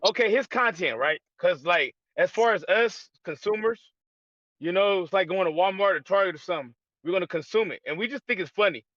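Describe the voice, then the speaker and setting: A man with a high, bright voice asks a panel guest questions, working his way slowly to the point. The recording sounds dull and lo-fi, with no room echo at all. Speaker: podcast panelist. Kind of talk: casual chat.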